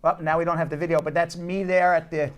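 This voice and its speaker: A man's voice: a little high, little pitch movement, quick pace, a bit bright, clear, resonant tone, faint music behind. A man hosting a casual talk show from a law office, telling stories animatedly and often repeating words as he restarts. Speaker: host, immigration attorney.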